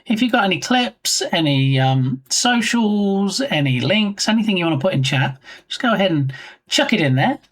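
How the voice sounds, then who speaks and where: A man's voice: high-pitched, animated, normal speed, a bit bright. Playful, joking male streamer. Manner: playful, jokey, teasing chat. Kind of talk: casual live-stream chat.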